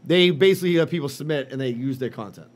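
Man, podcast co-host, animated, profane, fairly high voice. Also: quick pace. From Boston. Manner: animated, swearing, mocking impressions. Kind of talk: casual profane chat.

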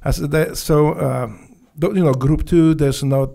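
Guest, male, Polish accent, gravelly and dark-toned, swears freely while he tells his stories. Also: fairly high pitch, measured pace. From Poland. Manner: profane, animated storytelling with non-native grammar. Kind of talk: casual storytelling.

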